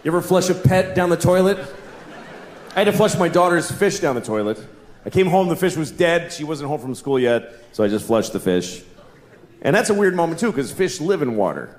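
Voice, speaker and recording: A middle-aged man performing a stand-up comedy set on a live stage, blunt and deadpan, breaking into voiced asides. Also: fairly high pitch, fairly quick. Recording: echoey live venue, noisy crowd ambience.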